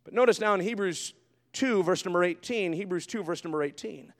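A man preaching a sermon as pastor in a church, swinging between quiet asides and shouted fervor. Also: sits high, a little fast. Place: church sanctuary. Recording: long hall reverb.

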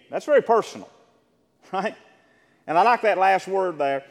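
A man preaching a sermon as pastor, asking the congregation for agreement and rising to loud, emphatic peaks. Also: sits high, animated, normal speed, long pauses, in a large hall.

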